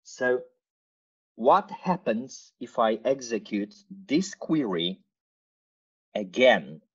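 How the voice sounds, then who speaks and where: A man walks through a technical demo at a slow, unhurried pace, stopping often on fillers. His tone stays casual, with playful asides along the way. The sound is dull and lo-fi, like a remote recording. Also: medium pitch, very animated, slightly rough. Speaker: conference speaker. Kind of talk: technical screen-share talk.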